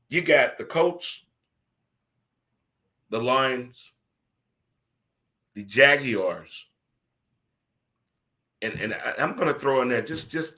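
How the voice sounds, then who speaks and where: Brief: a bright, lively male host of a casual sports talk stream, chatting straight to his viewers and repeating himself for effect. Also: medium pitch. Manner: animated, repetitive, talks to the audience.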